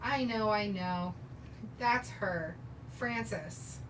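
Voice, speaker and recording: A woman reading the part of a gentle, heartbroken divorced father, earnest and apologetic, in a scene reading. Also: mid-range voice, extremely slow. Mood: fond. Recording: distant mic, noisy background.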